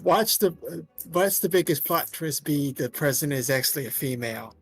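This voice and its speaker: A man's voice: fairly high pitch, animated, a little fast. A man chatting casually and jokingly while voicing game scenes on a stream, with faint music behind. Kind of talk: casual chat.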